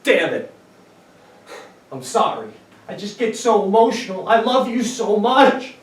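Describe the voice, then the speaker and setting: A man playing a clingy, overemotional male twin who pleads in a mock-tearful, drawn-out way. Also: high-pitched, sing-song, echoey room, recorded from a distance. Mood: pleading.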